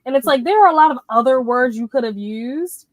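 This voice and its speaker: A woman's voice: high voice, a little fast, dry recording. A woman in her thirties hosting a casual livestream, greeting viewers by name as she chats about books. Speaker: livestream host.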